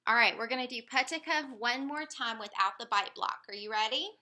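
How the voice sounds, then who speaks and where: A woman running a motor speech examination, giving calm step-by-step instructions. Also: fairly high pitch, brisk. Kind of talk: clinical motor speech exam.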